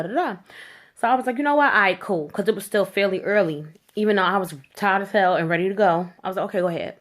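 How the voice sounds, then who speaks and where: A woman telling a story to camera in a blunt, animated rant, with slangy speech and free swearing. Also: mid-range voice. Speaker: vlogger.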